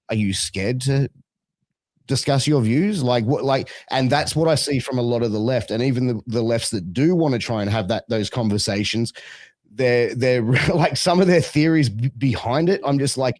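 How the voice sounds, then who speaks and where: An Australian man talking bluntly as a guest in casual chat, animated, with many restarts and some swearing. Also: mid-range voice, moderate pace, dry recording. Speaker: podcast guest, wrestling manager.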